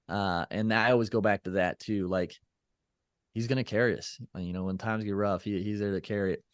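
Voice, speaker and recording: A man's voice: fairly low pitch, fairly even intonation, a little fast, no room sound, studio quality. A man as a podcast guest in casual interview chat, reflective and loose, with many fillers and restarts.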